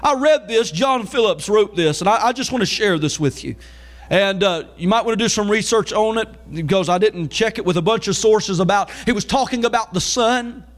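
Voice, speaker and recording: A high-pitched preacher delivers his sermon with shouted peaks. He then drops into quick, low, chatty asides to the church. The voice stays pitched far above most men's throughout. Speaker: pastor.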